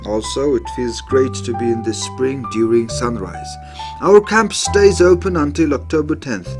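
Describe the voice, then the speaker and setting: A man's voice: medium pitch, lively intonation, normal speed, over music. A man who works at a hot spring camp, answering questions in an informative, matter-of-fact way.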